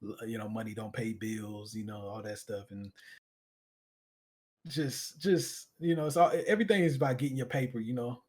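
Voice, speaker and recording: A man's voice: mid-range voice, fairly even intonation, moderate pace, a little mellow, breathy edge. A male streamer appearing as a guest, speaking earnestly and reflectively in casual conversation, with frequent "you know" fillers.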